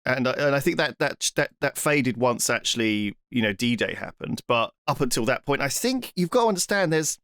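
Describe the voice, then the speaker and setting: A British man co-hosting a podcast, explaining points in a measured way with many restarts. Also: medium pitch, animated, fairly bright tone, no echo, clean studio sound. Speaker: podcast co-host. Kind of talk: casual chat.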